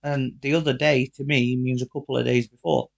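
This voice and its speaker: A man with a gravelly, creaky voice tells a story in a relaxed chat. He is animated and swears freely. He keeps slipping into what people said to him. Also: medium pitch, fairly quick. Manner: animated, acts out quoted dialogue, swears freely. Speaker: podcast co-host.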